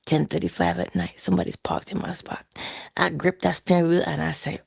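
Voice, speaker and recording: A middle-aged woman hosting a casual motivational talk, telling personal stories with laughter and hushed asides. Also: deep voice, brisk, vocal fry, slightly rough, no echo, clean studio sound. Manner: animated storytelling, laughs often, drops into hushed asides. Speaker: channel host.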